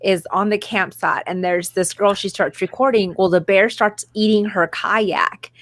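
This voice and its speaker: A woman co-host in casual chat, lively and teasing. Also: mid-range voice, a little slow, no room sound.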